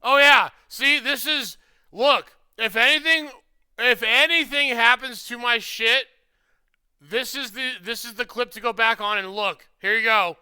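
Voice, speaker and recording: A man streaming his reactions, mocking the clips with crude insults and sudden shouts. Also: very high voice, unhurried, clean tone, no echo. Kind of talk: live-stream reaction commentary.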